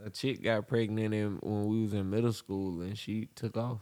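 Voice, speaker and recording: A man's voice: lowish voice, level tone, moderate pace, dark tone. A man co-hosting a podcast, bantering casually and teasing with joking interjections. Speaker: podcast co-host.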